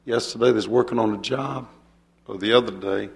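A man's voice: lowish voice, fairly even intonation, fairly quick, creaky. An older man preaching a folksy sermon, chuckling and turning to the congregation with asides.

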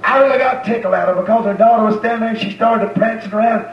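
A man's voice: high-pitched, quick pace. A male preacher, delivering a folksy, rhythmic sermon with repeated phrases. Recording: echoey, dull sound from far off.

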